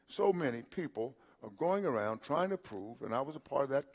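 A man in his seventies preaching a sermon as pastor, repeating phrases and asking rhetorical questions, with frequent halting restarts. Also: medium pitch, lively intonation. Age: 70s. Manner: repetitive preaching with rhetorical questions, swelling louder at points; halting restarts and filler sounds.

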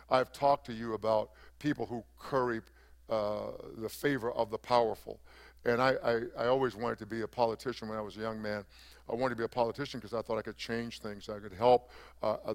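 An older man, a pastor, preaching a sermon with rising emphasis, often stopping for fillers and restarts. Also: lowish voice.

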